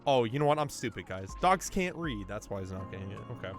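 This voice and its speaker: A man casually commentating a video game race for his chat, excitable and laughing often, with sudden bursts of loud disbelief. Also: on the low side, fast, soft background music.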